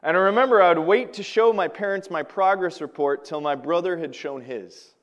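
Animated preaching man, slightly high voice. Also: fairly quick, muffled recording. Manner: animated storytelling, swings from loud to quiet. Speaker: pastor. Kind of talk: sermon.

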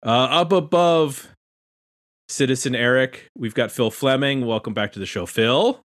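A man's voice: medium pitch, measured pace, a bit bright. A man hosting a casual podcast roundtable, chatty and self-deprecating as he introduces guests. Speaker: podcast host.

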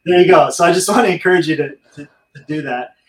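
A man with a slightly high voice talks quickly over crowd noise in an echoey room. He's an interview guest telling his own story in a casual, candid way, speaking earnestly to listeners as if they were friends.

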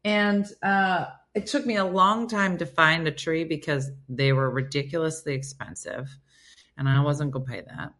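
A woman's voice: deep voice, moderate pace, a bit bright. A woman hosting a casual live stream, chatting and storytelling as she reads viewer comments aloud and answers them. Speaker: host reading viewer comments.

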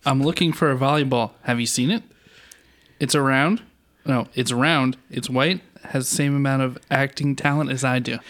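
A man playing a boring, expressionless stranger in a comedy skit, speaking in a flat monotone. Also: mid-range voice, moderate pace, natural voice. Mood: deadpan.

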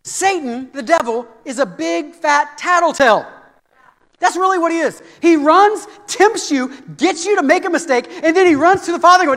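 A middle-aged man preaching a sermon, animated and conversational with touches of humor. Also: very high voice, normal speed. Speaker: pastor. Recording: long hall reverb.

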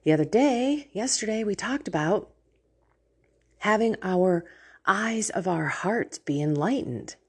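A woman hosting a faith podcast, telling a Bible story in a casual, animated way and laughing often. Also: medium pitch, unhurried, slightly rough.

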